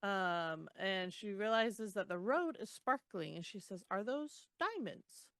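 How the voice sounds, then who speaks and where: A woman's voice: mid-range voice, measured pace, a bit bright, clean tone, no echo. A woman co-hosting a podcast, chatting casually about a novel, laughing often and filling with ums as she recaps. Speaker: podcast co-host. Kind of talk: casual book discussion.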